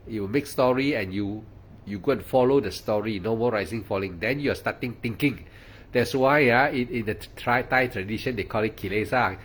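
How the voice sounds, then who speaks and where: A man's voice: medium pitch, slight background noise. A man, giving a guided meditation talk in a repetitive, coaxing way with frequent "ah" and "lah" fillers. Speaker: meditation teacher.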